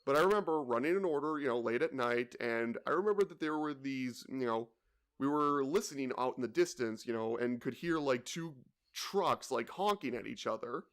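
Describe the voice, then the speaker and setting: A man's voice: mid-range voice, lively intonation, normal speed, a bit bright. A young man co-hosting a podcast, telling a work story in a rambling way, full of "you know" and "like". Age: young adult. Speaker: podcast co-host. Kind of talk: casual chat, telling work stories.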